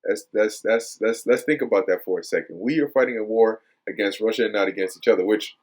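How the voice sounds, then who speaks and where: A man reading news quotes aloud and commenting on them in a casual religious style, with lots of hesitations and repeated words. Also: on the low side. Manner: many fillers and repeated words; reads quotes aloud then remarks on them.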